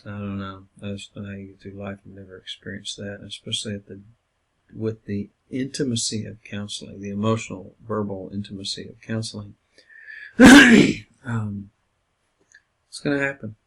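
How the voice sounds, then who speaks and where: A man with a low, gravelly voice gives a loose, conversational lecture to counseling students. His tone is husky, and he fills his talk with ums and uhs as he works through his points. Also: moderate pace. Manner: casual, conversational lecturing with many fillers. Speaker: counseling instructor. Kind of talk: recorded lecture.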